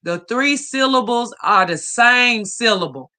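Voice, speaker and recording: A middle-aged man hosts a casual livestream, reading viewer comments aloud. His voice sits high and sounds strikingly bright. He talks in an emphatic, preachy way, pressing advice on his audience. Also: expressive, unhurried.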